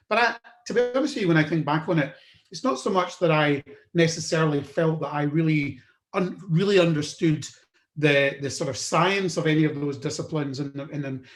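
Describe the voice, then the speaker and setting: Man, from the UK, podcast host, slightly high voice, chatty with fillers, echoey room. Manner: conversational, with frequent "um" and restarts. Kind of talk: solo career storytelling. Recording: roomy echo.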